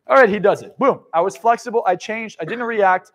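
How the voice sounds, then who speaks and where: High-pitched male motivational speaker, profane, loud-to-quiet swings, live seminar. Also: fairly quick.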